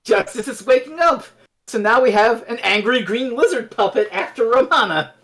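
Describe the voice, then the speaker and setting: A man's voice: extremely high pitch, moderate pace. A man co-hosting a podcast, recapping an episode in casual chat and briefly acting out the characters. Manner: animated, acts out characters mid-recap. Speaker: podcast co-host.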